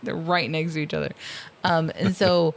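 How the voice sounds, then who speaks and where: A woman's voice: low-pitched, steady tone, moderate pace, gravelly. A woman co-hosting a casual film podcast, recapping scenes with lots of laughter and ums, quoting lines in mock voices. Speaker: podcast co-host.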